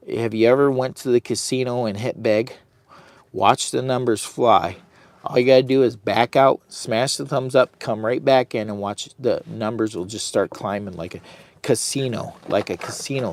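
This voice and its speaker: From inside a heated tent on a camping trip, a vlogger rambles casually on a phone livestream, hyping viewers to like and share. His medium-pitched voice is a little mellow, with slight background noise.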